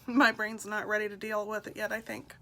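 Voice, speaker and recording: A middle-aged woman, a mother, telling her personal story in an emotional, halting way with soft laughs between lines. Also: medium pitch, level tone. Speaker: speaker sharing her story. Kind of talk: personal testimonial talk.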